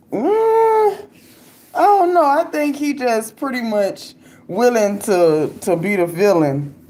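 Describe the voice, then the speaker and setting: A young adult woman hosting a casual commentary chat, loose and talkative, laughing often and speaking with slang. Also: fairly high pitch. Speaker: livestream host reading viewer comments.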